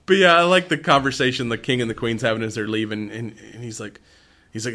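A man's voice: medium pitch, steady tone, a little fast, long pauses, pushed and bright. A middle-aged man chatting casually about a movie, retelling scenes in voices and laughing often. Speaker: movie podcast co-host. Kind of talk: casual chat.

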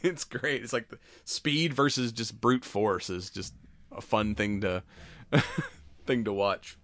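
Animated man retelling a movie. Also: fairly low pitch, slow, no echo. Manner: animated, laughs often while telling. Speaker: podcast co-host. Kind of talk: casual chat, retelling a movie.

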